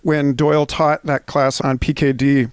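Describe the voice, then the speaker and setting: A man's voice: a little high, flat delivery, unhurried, clear, resonant tone, dry recording, clean studio sound. A man hosting a podcast, asking searching questions and reading passages aloud. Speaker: podcast host. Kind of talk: casual podcast interview.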